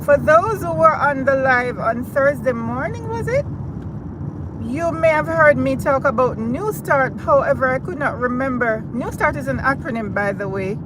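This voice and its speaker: Car and road noise fill this casual live stream, hosted by a Jamaican-accented woman talking straight to viewers as she drives. She is chatty and high-pitched, with lively intonation, speaking at normal speed.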